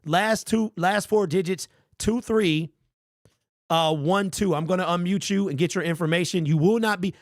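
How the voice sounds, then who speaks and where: A man hosting a sports fan call-in show, talking in an energetic, slangy way. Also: high-pitched, moderate pace, no room sound, clean studio sound. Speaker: postgame show host.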